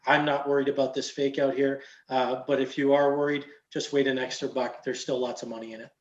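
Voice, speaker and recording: A man's voice: medium pitch, flat delivery, brisk, echoey room, highs cut off. A man coaching stock trades in casual chat, explaining in a loose way with many fillers. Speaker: trading coach.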